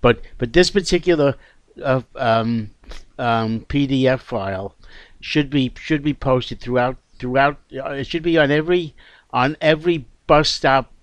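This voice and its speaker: Halting, earnest radio host. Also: male voice, mid-range voice, no room sound. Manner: halting, frequent restarts, earnest. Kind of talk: casual radio chat.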